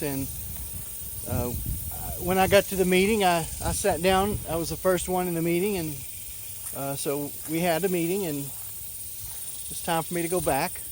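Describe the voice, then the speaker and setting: Man in his thirties telling a halting story. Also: a little high, a little hiss or hum. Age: 30s. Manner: halting, full of fillers and restarts. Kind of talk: personal story told casually.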